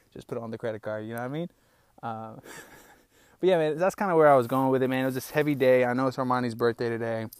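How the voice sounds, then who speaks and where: The recording is dry and the tone clean as a young man with a medium-pitched voice hosts a casual solo podcast. He's in a small outdoor hideout on rural land, a little out of breath, rambling loosely and candidly while calling listeners "bro" and "man."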